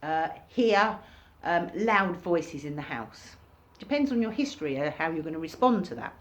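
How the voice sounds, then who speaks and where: A woman giving an informal recorded workshop lesson, talking casually and acting out reactions in sudden high bursts. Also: animated, moderate pace. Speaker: workshop teacher.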